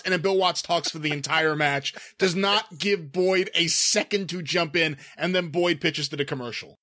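A man's voice: sits high, fairly quick, few pauses, no room sound, studio quality. A man from the northeastern US co-hosting a podcast in casual, enthusiastic chat. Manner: enthusiastic, animated. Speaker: podcast co-host.

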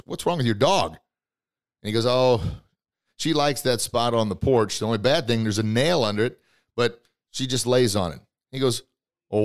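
A man hosting a podcast, giving a motivational talk with emphatic storytelling and acted-out quotes, swinging between loud bursts and quiet asides. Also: medium pitch. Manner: storytelling, emphatic and preachy, acts out quoted characters. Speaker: podcast host and motivational speaker.

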